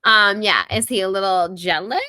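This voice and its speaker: A woman's voice: mid-range voice, normal speed, sharp tone. A woman co-hosting a podcast, casually retelling a book's chapters in a chatty way, with lots of "like". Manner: chatty retelling, heavy use of "like". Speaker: podcast co-host. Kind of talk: casual book-discussion chat.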